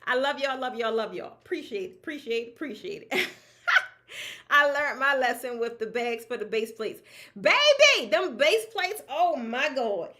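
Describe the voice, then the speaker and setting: Her voice sits high and her pace runs a little slow as this woman, who runs a draping business, gives an easygoing, lively talk to peers. She laughs often and speaks emphatically in everyday language.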